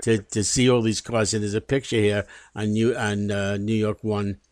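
Radio guest, man, hesitant and halting, mid-pitched voice, dry close sound. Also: level tone, a little mellow, no room sound. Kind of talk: talk radio chat.

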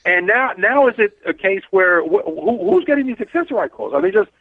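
A man's voice: high voice, animated, a little fast, no room sound. A man, a cab driver hosting a talk radio show, blunt and rambling as he tells stories. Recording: tinny phone-like dry sound.

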